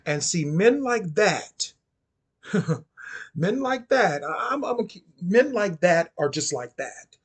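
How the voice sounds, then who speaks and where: A man's voice: sits high, big pitch swings, slow pace, breathy edge. A man giving casual spoken commentary on occult topics, sassy and chatty, often repeating and restarting his phrases.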